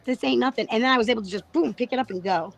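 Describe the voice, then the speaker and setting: A middle-aged woman with a hoarse voice, candidly chatting about trading on a panel, laughing and swearing casually. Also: on the high side, racing, poor audio. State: lost her voice, tired.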